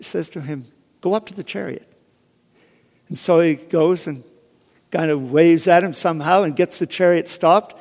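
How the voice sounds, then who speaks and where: A man's voice: a little high, darkish tone. Man preaching in a reverberant hall. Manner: conversational, with frequent restarts and asides. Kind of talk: informal sermon storytelling.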